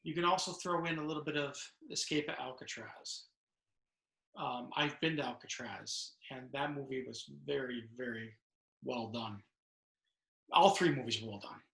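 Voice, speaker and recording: A man's voice: medium pitch, normal speed, creaky, a bit bright. A middle-aged man, a retired prison officer and author, answering questions in an interview. He tells his stories in a chatty way, acting out the dialogue and restarting his sentences often. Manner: storytelling, acts out dialogue, many restarts. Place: home room over video call. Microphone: video call. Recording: echoey video call room.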